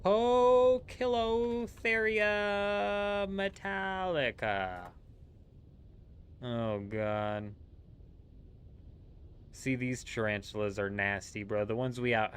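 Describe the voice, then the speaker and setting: A young adult man streaming a game from home, telling stories in a relaxed, animated way, swearing and calling his viewers "bro" and "dude". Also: on the low side, fairly quick, hardly any pauses, clean tone. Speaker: gaming livestreamer. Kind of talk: casual live-stream chat.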